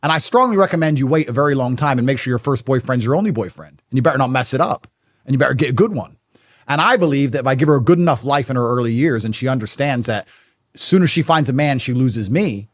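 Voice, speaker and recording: Male podcast guest, casual talk, forceful and stubborn delivery, lively up-and-down intonation. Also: medium pitch, fast talker. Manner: blunt, emphatic and stubborn in tone.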